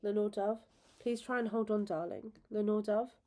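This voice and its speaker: A woman's voice: medium pitch, normal speed, a little mellow, natural voice. A woman voicing a young man, a desperate lover, in an emotional, pleading read of a storybook scene. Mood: grieving.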